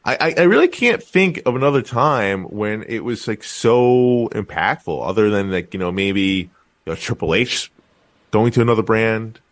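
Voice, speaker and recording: A man with a fairly low voice co-hosts a casual podcast chat. His pitch swings widely as he talks, and he keeps stumbling and restarting in an animated way. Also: normal speed. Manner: animated, lots of fillers and restarts. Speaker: podcast co-host.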